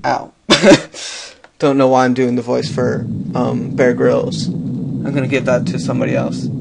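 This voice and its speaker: Gravelly young gamer. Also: male voice, mid-range voice, level tone, a little slow, background noise. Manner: chatty, talks to the game and himself. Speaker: gaming youtuber. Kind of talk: let's play commentary.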